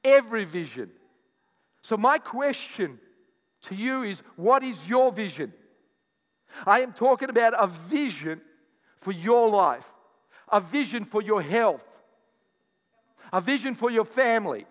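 An older man preaching a sermon as pastor, animated and jokey, often repeating his words. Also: sits high, unhurried, pauses often. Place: church hall. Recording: echoey church hall sound.

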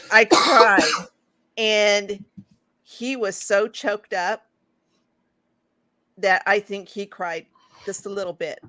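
A woman in a casual podcast chat talks in an emotional, halting way, often repeating words as she goes. Her voice sits mid-range and sounds dry and close. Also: mid-range voice, pushed and bright, dry recording. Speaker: co-host.

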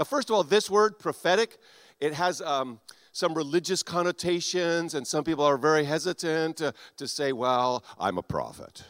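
A male preacher delivers a sermon with a slightly high voice, recorded close and dry. He is animated, swinging between loud, punchy lines and quiet asides, and acts out the voices he quotes. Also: no echo. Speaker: pastor.

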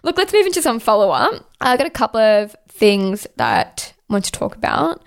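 A woman's voice: fairly high pitch, sing-song, moderate pace, gravelly. A young woman hosting a podcast, ranting casually with heavy swearing and constant "like". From Australia. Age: young adult. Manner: exasperated, heavy swearing, lots of "like". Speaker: podcast host.

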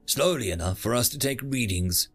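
A man voicing an anxious male starship sensor technician who gives hurried, urgent reports, in a spoken audiobook. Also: medium pitch, animated, faint music behind, close to an everyday voice.

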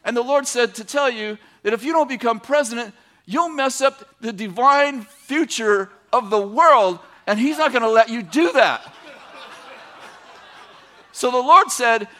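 High, bright-voiced male preacher. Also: measured pace. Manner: animated, laughing storyteller, rising to emphatic. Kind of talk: sermon podcast storytelling.

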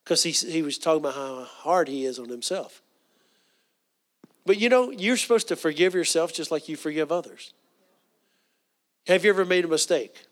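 A man preaching a sermon in a folksy, earnest way, with asides and restarts, dropping to a soft hush for quoted prayers. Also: a little high, lively intonation, normal speed, pauses often.

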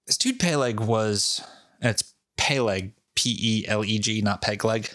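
A man with a Rhode Island accent tells a local legend in loose, swearing podcast chat. His voice sits low. The recording is close and dry, with no room sound. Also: measured pace, no room sound. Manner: profane, off-the-cuff and animated. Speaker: podcast co-host. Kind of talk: casual chat, storytelling.

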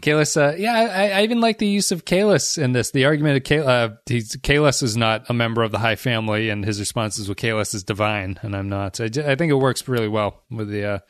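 A man's voice: mid-range voice, quick pace, few pauses, no room sound, clean studio sound. A man co-hosting a podcast, chatting casually about an episode and reading out listener comments. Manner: reads listener comments, thanks patrons. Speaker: podcast co-host.

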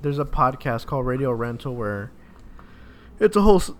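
A man's voice: medium pitch, big pitch swings. Casual man rambling on a podcast. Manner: rambling, halting anecdotes. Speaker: podcast co-host. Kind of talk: casual chat.

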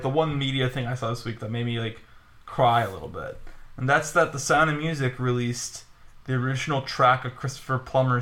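Bright-voiced, laughing podcast co-host. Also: male voice, medium pitch. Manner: laughs often, quick asides. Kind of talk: casual podcast chat.

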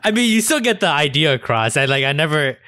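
A man chats on a podcast in a casual, joking way with quick asides. His pitch moves lively up and down. The sound is dry and close. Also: dry recording. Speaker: podcast co-host. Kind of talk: casual chat.

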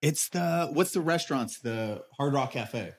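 A man in his thirties telling a story in casual chat, animated, acting out quotes in a raised voice, swearing and laughing often. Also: medium pitch, a little slow. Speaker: podcast co-host telling a story.

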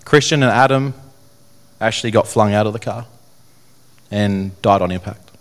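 A young man telling his personal story to an audience, in an earnest, halting way that repeats phrases. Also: lowish voice. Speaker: speaker telling his testimony. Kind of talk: personal testimony talk to an audience.

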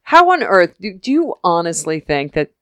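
A young woman co-hosting a podcast, chatting casually about a TV episode and acting out the characters in quick voices, laughing often. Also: lowish voice, big pitch swings, fairly bright tone, clear, resonant tone, dry recording. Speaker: podcast co-host recapping a TV episode. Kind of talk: casual chat.

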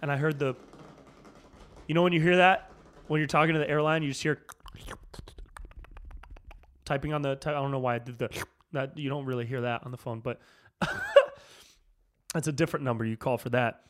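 A man hosting a podcast, ranting casually and profanely, drifting between low mumbled asides and fired-up outbursts. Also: fairly even intonation, fairly quick, pauses often. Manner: loose and profane, peppered with "dude", jumps between mumbling and fired-up. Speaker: comedian and podcast host.

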